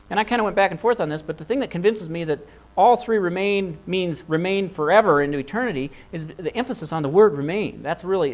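A man's voice: high-pitched, dull audio. A man preaching an expository sermon, earnest and thinking aloud, with rhetorical questions and frequent restarts. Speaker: pastor.

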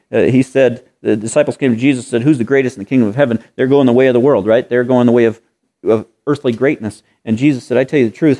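A male preacher in mid-sermon, his voice at an ordinary middle pitch. He talks earnestly and keeps asking the listeners rhetorical questions. He repeats key phrases to drive them home. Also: mellow.

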